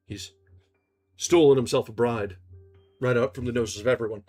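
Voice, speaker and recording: Expressive male reader with a husky voice. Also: mid-range voice, normal speed, soft background music. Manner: expressive reading, with small restarts. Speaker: reader and streamer. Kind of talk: live audiobook reading.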